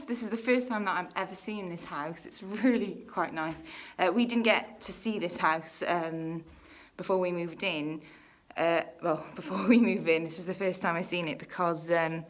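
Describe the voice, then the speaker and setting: A breathless woman vlogging a walk through an empty house, talking casually between excited exclamations. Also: lowish voice. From England. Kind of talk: casual house tour vlog. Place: empty house with bare rooms. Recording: echoey empty rooms.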